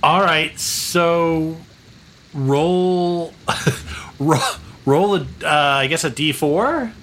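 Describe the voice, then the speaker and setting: A man narrating a tabletop game as game master, halting and restarting his sentences. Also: fairly high pitch, a bit bright, slight background noise.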